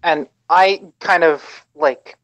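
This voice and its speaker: A tabletop player speaking slowly and hesitantly, stumbling over repeated words as they describe their moves. The voice sits at a mid pitch. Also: fairly bright tone, rough recording. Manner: hesitant, stammering restarts. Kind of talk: tabletop game play.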